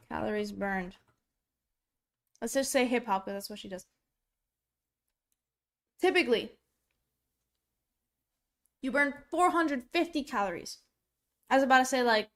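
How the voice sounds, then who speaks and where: Chatty woman streamer, slightly high voice. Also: fairly bright tone. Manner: chatty, blunt, with many fillers. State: coughing, choking on popcorn. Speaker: streamer reacting to a video. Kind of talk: casual reaction commentary. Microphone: streaming setup.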